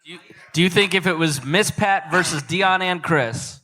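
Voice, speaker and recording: A man's voice: high-pitched, moderate pace, bright, forceful tone. A man co-hosting a live podcast, teasing and laughing as he banters with the host. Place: live show before an audience.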